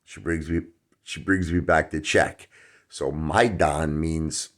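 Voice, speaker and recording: A man's voice: extremely low pitch, steady tone, takes it slowly, a bit bright. A middle-aged man telling a comic anecdote in a rambling way, full of fillers, acting out the quotes. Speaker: storyteller.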